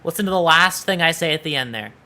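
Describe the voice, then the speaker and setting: A man's voice: on the high side, expressive, quick pace, bright, forceful tone. A man streaming live, chatting casually and teasing his viewers, with playful swearing. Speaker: VTuber streamer.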